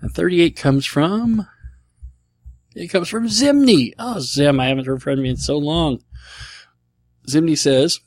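A man's voice: a little high, unhurried, pauses often, no room sound. A middle-aged man hosting a casual solo show, rambling and self-deprecating, with a dry throat. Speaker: podcast host answering listener questions.

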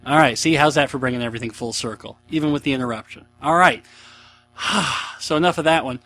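A man's voice: mid-range voice, moderate pace, fairly bright tone, faint music behind. A man in his thirties hosting a casual solo podcast, chatty, rambling and self-mocking. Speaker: podcast host.

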